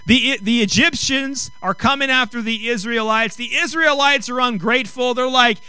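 A man preaching a sermon, emphatic, rising to loud, drawn-out phrases on key lines. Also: extremely high pitch, steady tone, clean tone, no room sound.

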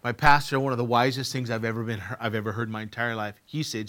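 Middle-aged male preacher, bright tone, sermon delivery, dynamic from hushed to booming, repeats for emphasis. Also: level tone, fast talker. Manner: swings from quiet to loud, emphatic repetitions. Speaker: pastor.

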